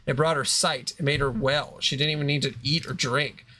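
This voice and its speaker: A desperate, paranoid doctor rants in a sharp, bright voice, as a man reading a story game aloud puts him on. He talks in agitated bursts at a middle pitch, with a faint hiss of noise behind him. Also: fairly even intonation, brisk, close to an everyday voice. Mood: angry. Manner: agitated ranting delivery.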